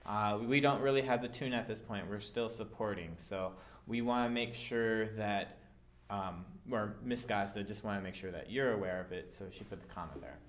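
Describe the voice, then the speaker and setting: A man's voice: on the low side, moderate pace. A man teaching a violin part, explaining dynamics patiently with occasional fillers. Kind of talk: instrument lesson.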